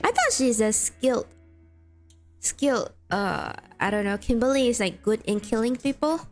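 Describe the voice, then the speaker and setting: A woman's voice: fairly high pitch, very animated, moderate pace. A woman streamer chatting casually with her viewers while playing a game, rambling and full of "like". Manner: chatty, rambling, reacts to chat with restarts and "like". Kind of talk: casual livestream chat. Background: game music.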